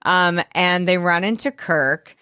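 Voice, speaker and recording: A woman's voice: lowish voice, slow pace, bright, forceful tone, clean tone, no echo, studio quality. A woman co-hosting a podcast, recapping an episode in a casual, wry, offhand way. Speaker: podcast co-host.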